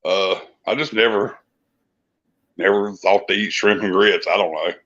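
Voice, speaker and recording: A man's voice: lowish voice, fairly even intonation, unhurried, a bit bright, dull audio. A man telling rambling, profane stories in a casual chat. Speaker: podcast co-host, musician.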